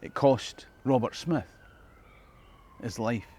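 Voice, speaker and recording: A man's voice: mid-range voice, takes it slowly, mellow. A man with a Scottish accent, a history tour guide narrating in a reflective tone with rhetorical questions. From Scotland. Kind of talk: scripted documentary narration.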